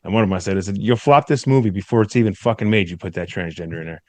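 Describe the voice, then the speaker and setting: A man's voice: lowish voice, very fast, no room sound. A man co-hosting a podcast, ranting bluntly and profanely in casual crude banter. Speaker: podcast co-host.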